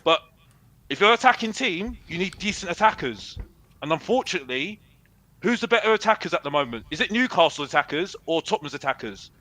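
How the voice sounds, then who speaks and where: A man's voice: fairly high pitch, very animated, fast, sharp tone, rough recording. A young man, calling into a football fan show, ranting defiantly and repeating himself, dropping "bruv" a lot. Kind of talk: heated fan rant.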